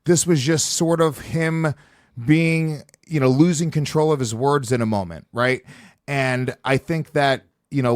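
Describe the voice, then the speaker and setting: Animated, foul-mouthed male podcast host. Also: on the high side, dry recording, studio quality. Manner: profane, animated storytelling. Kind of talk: casual podcast chat.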